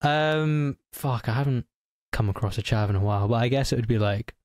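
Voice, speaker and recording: A man's voice: medium pitch, a little fast, no echo, studio quality. A man co-hosting a casual podcast, arguing his points animatedly and filling his talk with "like". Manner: animated, argumentative, lots of likes. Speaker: podcast co-host.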